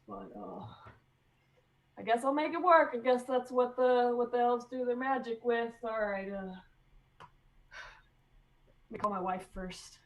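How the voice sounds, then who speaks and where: A woman's voice: a little high, recorded from a distance, muffled recording. A woman playing a grumbling Santa afraid of chimneys, muttering to himself on a video call.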